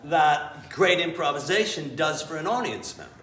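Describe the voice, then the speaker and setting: A man's voice: a little high, moderate pace, distant mic, slight background noise. A man, an improv teacher, telling stories to a live audience in a small theater with blunt, profane candor. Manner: blunt and profane, freely swearing; animated storyteller who acts out scenes. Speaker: improv teacher and interview guest. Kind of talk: candid storytelling before a live audience. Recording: echoey room, voice from afar, faint ambience.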